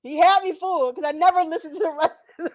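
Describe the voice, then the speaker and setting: A woman's voice: very high-pitched, quick pace, darkish tone. A young woman co-hosting a casual podcast chat, giggly and exclamatory, steering between topics. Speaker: podcast co-host.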